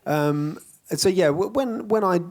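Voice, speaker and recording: An actor speaking in a casual onstage Q&A, chatty and self-deprecating, often breaking into laughter. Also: male voice, high-pitched, animated, unhurried, darkish tone. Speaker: actor guest on a panel.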